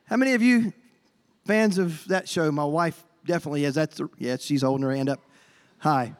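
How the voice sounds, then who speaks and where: A man's voice: on the high side, brisk. A male pastor preaching a folksy sermon, stumbling over repeated words and acting out quotes. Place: church sanctuary. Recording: long hall reverb.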